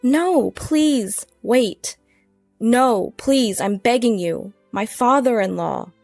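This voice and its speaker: A man's voice: extremely high pitch, animated, slow pace, vocal fry, dry recording, faint music behind, pitched above the performer's own voice, heavily acted. Woman voicing a desperate adult man, pleading, bewildered, storybook narration. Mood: panicked. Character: panicked runaway husband, adult man.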